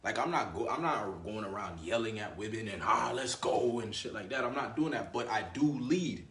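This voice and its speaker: A man's voice: fairly low pitch, animated, fairly quick, a bit bright, echoey room. A man giving blunt, profane dating advice in a casual monologue, with a swaggering manner and lots of filler words. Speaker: dating coach.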